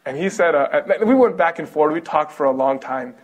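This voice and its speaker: A young man from Kentucky giving an animated religious lecture, telling stories and asking the audience questions. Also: a little high, brisk. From Kentucky, USA. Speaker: Islamic lecturer.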